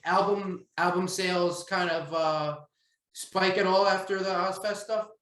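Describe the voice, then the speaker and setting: A man's voice: high voice, steady tone, a little slow, a bit bright, roomy sound, low-quality recording. A man hosting a podcast interview, asking questions in a laid-back way with casual swearing and frequent laughs. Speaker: podcast host.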